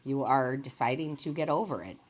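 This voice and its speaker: A woman with a strikingly deep, low-pitched voice talks her viewers through a tarot reading. She is chatty and enthusiastic, rambles off on tangents and laughs often. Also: expressive, a little fast. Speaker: tarot reader and medium. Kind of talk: casual tarot reading to camera.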